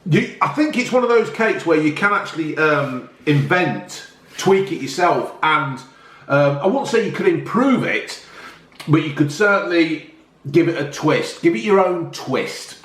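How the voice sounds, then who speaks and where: A man's voice: a little high, expressive, a little slow, a bit bright, reverberant. A man, chatting enthusiastically as a casual food review vlogger, often talking while eating.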